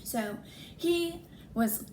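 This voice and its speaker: Young woman telling a lively storytime. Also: high voice, extremely slow, a little hiss or hum. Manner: animated, acts out quoted dialogue, frequent "like". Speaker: vlogger. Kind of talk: casual storytime.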